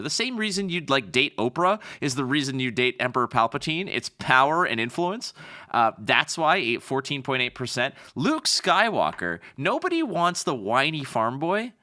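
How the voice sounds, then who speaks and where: Bright, lively man joking on a podcast. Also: mid-range voice. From Canada. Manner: joking, animated banter. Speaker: podcast co-host. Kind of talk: casual chat.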